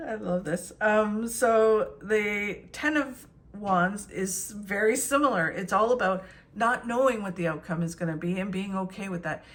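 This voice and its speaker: Middle-aged woman, tarot reader, chatty and encouraging, unscripted, mid-pitched. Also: measured pace, fairly bright tone. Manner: chatty, encouraging, many fillers and restarts. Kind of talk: casual spoken tarot reading.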